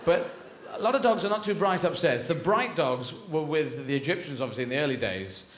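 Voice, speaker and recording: A man's voice: a little high, expressive, a little fast, a little hiss or hum. A British man doing a stand-up routine on a theatre stage, theatrical and rambling, jumping into silly character voices. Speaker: stand-up comedian. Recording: live theatre recording, roomy with loud audience.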